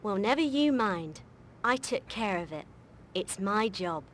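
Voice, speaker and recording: A woman's voice: medium pitch, lively intonation, unhurried, fairly bright tone. An actress playing a flustered, chatty female maid in a mystery game, fussing over faint hum. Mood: fussy. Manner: chatty, fussy.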